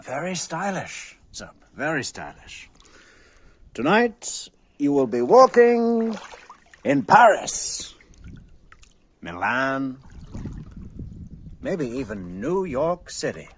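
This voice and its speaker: A man speaks to a pet in a slow, lilting sing-song that swoops up and down a lot. His voice sits a little high for a man, and the recording is dull and lo-fi with a faint hiss behind it. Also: big pitch swings. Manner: slow sing-song, drawn-out teasing phrases. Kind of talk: playful talk to a pet. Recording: dull lo-fi audio.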